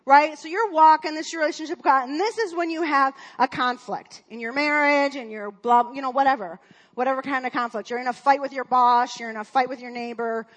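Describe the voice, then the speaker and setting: High-voiced woman telling a church story. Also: a little fast. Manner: chatty, rambling with many fillers and restarts. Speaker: speaker at a church. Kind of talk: personal story in a sermon.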